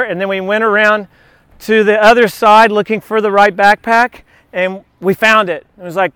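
A man's voice: high-pitched, bright, forceful tone, clean tone, no room sound. A male pastor giving a casual, anecdotal sermon at an outdoor beach church, chatting with frequent asides to the congregation.

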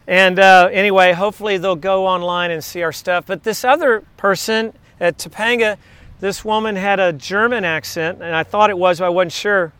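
A man's voice: high voice, fairly even intonation, normal speed, a bit bright, clear, resonant tone, dry recording. A man preaching a sermon in a conversational way, telling stories and asking rhetorical questions. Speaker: pastor.

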